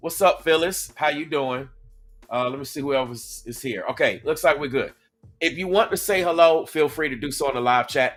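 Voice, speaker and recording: A man with a Southern American accent hosting a livestream, greeting viewers in the chat by name and talking in an animated, repetitive way. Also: medium pitch. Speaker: host. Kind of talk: livestream commentary.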